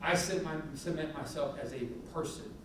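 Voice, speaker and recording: A middle-aged man, a police chief, giving a candid, animated talk full of anecdotes in a university event hall. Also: fairly high pitch, normal speed, background noise. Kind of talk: public talk with war stories. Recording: echoey hall from a distant mic.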